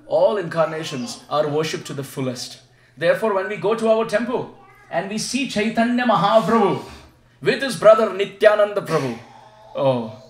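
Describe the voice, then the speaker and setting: Male spiritual teacher, high voice, call-and-response sermon style, echoey home recording. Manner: asks the audience questions and leads them in repeating chants. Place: devotee's home, gathering room. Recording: echoey room sound.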